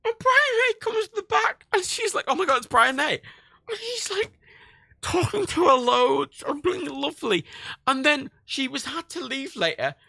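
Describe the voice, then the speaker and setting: A man's voice: extremely high pitch, normal speed, gravelly, dry recording, clean studio sound. A man in his late twenties, hosting a livestream, telling stories in casual chat with lots of swearing and laughter. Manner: animated storytelling, swears a lot, laughs often. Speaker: livestream host.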